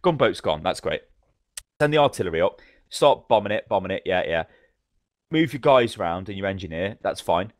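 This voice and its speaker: A man co-hosting a podcast, telling game stories in a fast, animated, swearing manner. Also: sits low, no echo, clean studio sound. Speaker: podcast co-host. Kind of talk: casual gaming chat.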